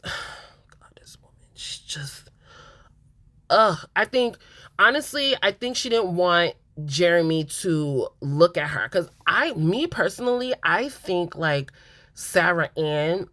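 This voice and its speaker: A woman's voice: low-pitched, fairly bright tone, no echo. A woman hosting a reality TV recap, talking candidly and emphatically straight to her viewers in a casual, opinionated way.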